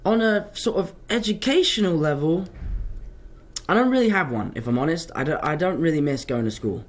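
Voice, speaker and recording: A young man, an actor answering fan questions in a casual live chat, telling stories in an animated, self-mocking way. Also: a little high, a little fast.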